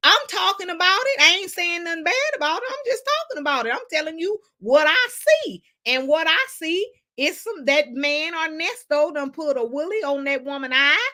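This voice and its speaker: A woman hosting a casual gossip livestream, sassy and animated, laughing often as she reads the chat. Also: extremely high pitch, normal speed, hardly any pauses. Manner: sassy, animated, laughs a lot, Southern Black American slang. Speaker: livestream host reading chat.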